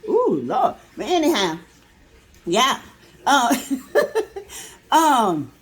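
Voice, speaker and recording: Sassy woman host, casual gossip recap, talks like chatting with friends, plenty of fillers. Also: a little slow. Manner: chatty, sassy, filler-heavy, laughs, swoops up high when excited. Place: in her car.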